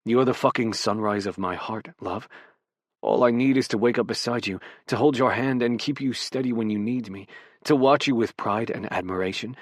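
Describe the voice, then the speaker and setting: A man voicing a gruff but tender adult male footballer, speaking low and hushed in an audiobook. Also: dry recording, studio quality, lightly acted. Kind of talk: audiobook character voice.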